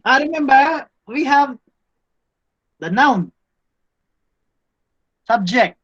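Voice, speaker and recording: A man's voice: extremely high pitch, animated, drawn-out words, fairly bright tone, breathy edge, dull audio. A man teaching a Greek grammar class, repeating words and checking in with "no?" and "okay?". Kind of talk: classroom lesson.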